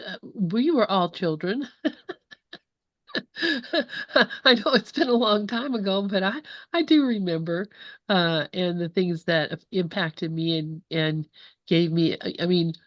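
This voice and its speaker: A woman's voice: fairly low pitch, no echo, muffled recording. A woman joining a casual group discussion over a video call, speaking eagerly and stumbling over her words. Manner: enthusiastic, stumbling, laughing at herself.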